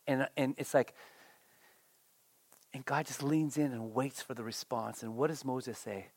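A pastor preaching a sermon in an animated way, often repeating words and briefly acting out the people quoted. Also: medium pitch, moderate pace, long pauses, no echo.

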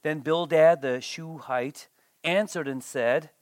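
Animated preacher, dry close sound. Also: mid-range voice, slow pace, no echo. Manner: animated, repeats words, acts out quoted voices. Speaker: pastor. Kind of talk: sermon.

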